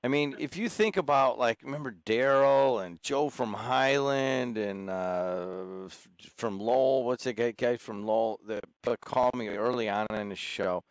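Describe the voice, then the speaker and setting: A man's voice: mid-range voice, unhurried, hardly any pauses, smooth, no room sound. A man hosting a radio call-in show, chatting with callers in a rambling, friendly, teasing way. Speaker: radio talk show host. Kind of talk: casual call-in chat. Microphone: studio microphone.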